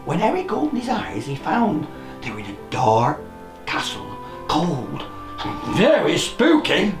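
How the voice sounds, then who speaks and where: A storyteller reading a children's picture book aloud, playful and expressive, with sound effects. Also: medium pitch, unhurried. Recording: roomy echo, faint music.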